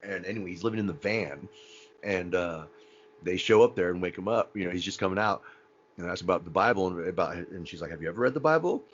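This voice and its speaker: Low-voiced male podcast co-host, animated fan chat, muffled lo-fi audio. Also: fairly quick, slight background noise. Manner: animated, acts out quotes, laughs often.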